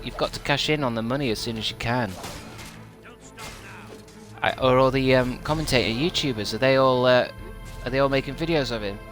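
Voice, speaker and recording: A man's voice: medium pitch, fairly quick, pauses often, fairly bright tone, soft background music. A young man chatting on a game stream, rambling and self-mocking with a dry, sardonic edge and casual swearing.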